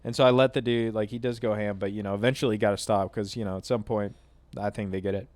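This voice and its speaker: A man in his twenties casually telling a profane, animated storytime over gameplay as a channel host, acting out both sides of each argument. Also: on the low side, fast, no echo.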